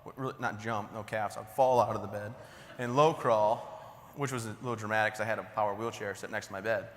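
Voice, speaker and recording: Male keynote speaker, 30s, tense bright tone, wry conversational storytelling, stage mic with long hall reverb. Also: on the low side, fairly even intonation, fast, slight background noise. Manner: joking, conversational, self-deprecating. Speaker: motivational speaker. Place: large conference hall.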